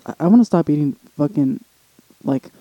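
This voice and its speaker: A man's voice: a little high, lively intonation, brisk, mellow, no room sound, muffled recording. A young man co-hosting a podcast in casual chat, rambling and restarting often, swearing casually. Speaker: podcast co-host.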